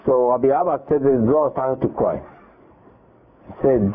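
Over a tinny phone line, a man retells a Torah story in a medium-pitched voice at a moderate pace. He's animated, quoting dialogue and restarting his sentences.

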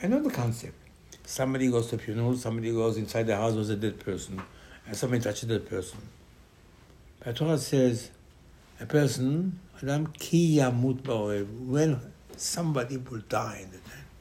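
A man teaches a weekly Torah portion in a rising, falling, very expressive voice. He acts out the text as back-and-forth dialogue. He repeats his key phrases over and over to drive them home. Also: mid-range voice, a little fast, slight background noise. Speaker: rabbi. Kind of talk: Torah lesson.

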